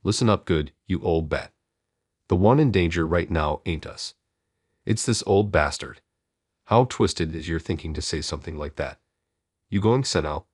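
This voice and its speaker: A man's voice: low voice, lively intonation, moderate pace, slightly rough, no room sound, studio quality. A man voicing a group of rude young male thugs, taunting and insulting.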